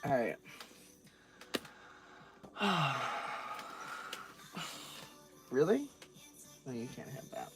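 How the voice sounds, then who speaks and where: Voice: mid-range voice, huge pitch swings, very slow, pauses often, over music. A vlogger chatting casually on a livestream while customizing dolls, playfully scolding a cat.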